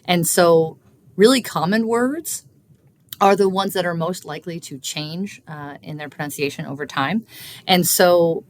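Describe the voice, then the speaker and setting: Kentucky woman, kinda low voice, teachery explainer with lots of ums. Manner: teacherly, measured, frequent um and uh fillers. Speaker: linguistics researcher guest. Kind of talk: explanatory interview talk.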